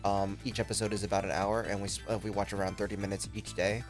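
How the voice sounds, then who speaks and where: A man's voice: on the low side, level tone, fast talker, over music. A man in his twenties chatting casually on a game livestream, rambling and swearing freely, with plenty of fillers and restarts. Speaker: game streamer.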